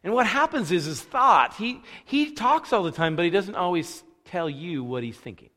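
A man preaching a conversational sermon, casual and animated, acting out the thoughts he quotes. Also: sits high, moderate pace. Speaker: pastor. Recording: long reverb of a large hall.

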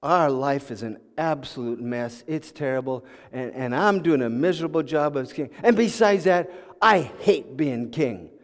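A man voicing a weary, fed-up boy king who complains slowly and glumly. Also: high-pitched, darkish tone, close to an everyday voice. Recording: long hall reverb.

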